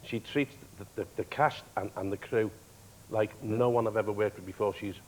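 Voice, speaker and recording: A man, a guest on a TV talk show, telling stories in a lively way, often laughing and acting out other people's lines. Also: on the low side, moderate pace, poor audio. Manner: lively raconteur, laughs often, acts out quoted voices. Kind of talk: anecdotal storytelling. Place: TV studio.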